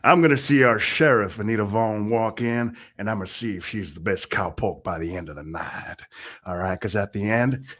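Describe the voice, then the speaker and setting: A man's voice: fairly low pitch, moderate pace, fairly bright tone, pitched below the performer's own voice. A man voicing a folksy Wild West cowboy with a hammy put-on Western drawl, speaking on a video call. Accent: put-on American Western drawl.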